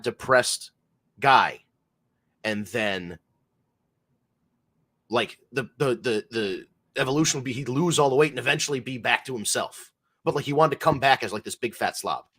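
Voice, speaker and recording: A man's voice: medium pitch, a bit bright. Wry, profane man talking wrestling. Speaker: podcast co-host. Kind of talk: casual wrestling chat.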